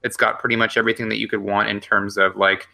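A man's voice: on the low side, flat delivery, vocal fry, bright, forceful tone. A man co-hosting a casual game chat, weighing his points with hedges and filler words. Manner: measured, hedging, fills pauses with 'um' and 'like'. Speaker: podcast co-host.

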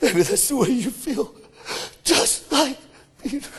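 A male preacher delivering a sermon in a very high voice with a slow, drawn-out pace. His delivery is fervent, climbing again and again into shouts. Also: lively intonation, slightly rough.

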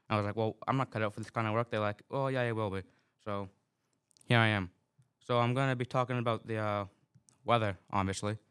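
A man's voice: mid-range voice, a bit bright, smooth. A man with a Massachusetts accent, filling in as a weather presenter in a casual, rambling comic monologue full of complaints.

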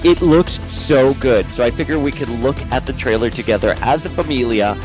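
A man's voice: mid-range voice, moderate pace, over music. Gushing, stammering male fan host. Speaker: YouTube show host. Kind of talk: excited fan reaction commentary.

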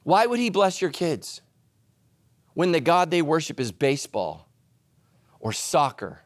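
Animated, high-voiced male preacher. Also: a little slow, no echo. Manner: animated, humorous storytelling that swings between loud emphasis and hushed asides. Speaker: pastor. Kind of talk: sermon.

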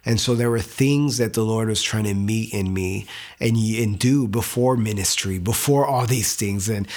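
A young man giving an earnest, emotional personal faith testimony, halting at times and repeating words. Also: lowish voice, darkish tone. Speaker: testimony speaker.

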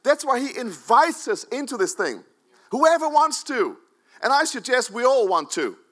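A pastor from the Netherlands, preaching a sermon in a church, swinging between loud, emphatic urging and quiet asides. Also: male voice, very high-pitched, big pitch swings, moderate pace.

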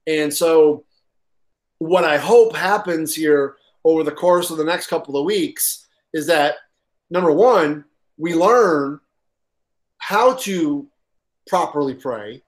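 A man's voice: fairly high pitch, takes it slowly. A man preaching a sermon, reading from a workbook and stressing his points with repeated words and restarts. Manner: reads aloud from a workbook. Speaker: pastor.

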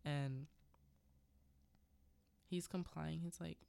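This podcast host, a non-native English speaker, has a deep, mellow voice with vocal fry and fairly even intonation, speaking extremely slowly. She meanders through a casual movie recap, punctuated by frequent laughs and fillers like "yada yada."

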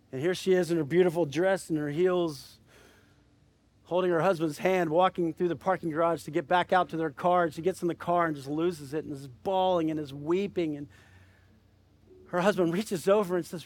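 A man's voice: sits high, no room sound. A man preaching a sermon, telling a story with rising intensity and leading the listeners in prayer. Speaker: pastor. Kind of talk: sermon with storytelling and altar call.

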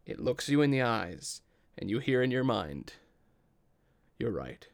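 A man acting as game master, narrating a tabletop game in a slow, measured way. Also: mid-range voice, sing-song, gravelly.

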